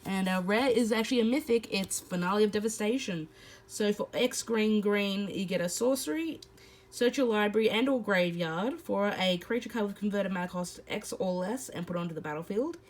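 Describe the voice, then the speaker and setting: In a roughly recorded card-opening video, a female host with a mid-range voice reads each card's text at a moderate pace, then chats about it casually, using some fillers.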